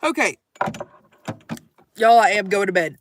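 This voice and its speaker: A woman's voice: medium pitch, lively intonation, a little slow, a little hiss or hum. A young adult woman live streaming late at night, reading chat aloud in a playful, theatrical way.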